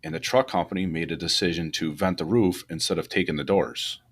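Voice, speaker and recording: A deep-voiced firefighter who co-hosts a podcast and runs a fire truck company talks shop about firefighting. He is brisk with a breathy edge, loose and rambling with many restarts, and his pitch rises when he gets animated.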